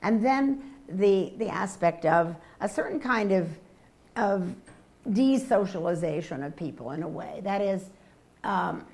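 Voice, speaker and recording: An older woman answering audience questions at a public lecture, measured and thoughtful, often affirming with quiet yeahs. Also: medium pitch, creaky. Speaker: guest lecturer.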